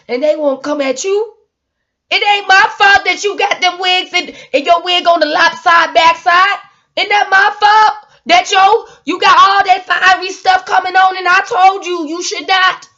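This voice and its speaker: Rambling woman, high voice, dull lo-fi phone sound, casual motivational talk. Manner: rambling, laughing, swings from loud to hushed. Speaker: motivational vlogger.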